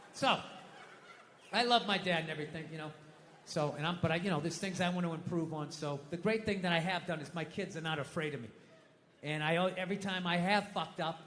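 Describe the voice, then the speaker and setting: A male stand-up comedian doing a self-mocking, profane routine, swinging between muttered asides and yelled outbursts. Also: fairly high pitch. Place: theater stage before a live audience. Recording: reverberant hall with faint hiss.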